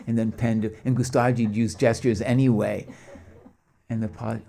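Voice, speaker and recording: Mellow low-voiced male storyteller. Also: normal speed, gravelly. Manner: lively storyteller voicing quoted dialogue; chuckles between anecdotes. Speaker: speaker at a spiritual gathering. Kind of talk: anecdotal storytelling talk.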